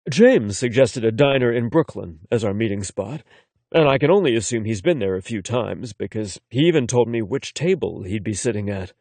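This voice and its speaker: A man narrating a first-person romance audiobook in an expressive, conversational way. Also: fairly low pitch, normal speed, no room sound.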